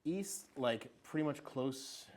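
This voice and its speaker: Male co-host, casual joking banter with loose swearing, lively pitch. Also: takes it slowly. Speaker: podcast co-host. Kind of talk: casual chat. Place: library podcast room.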